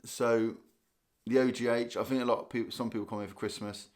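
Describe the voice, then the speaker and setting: A man's voice: medium pitch, flat delivery, fairly quick, darkish tone. A man from Guernsey hosting a casual live stream, tired and chatting loosely as he reads viewer comments aloud. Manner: chatty, rambling, thinks aloud with restarts and small laughs. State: tired, yawning. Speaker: livestream host.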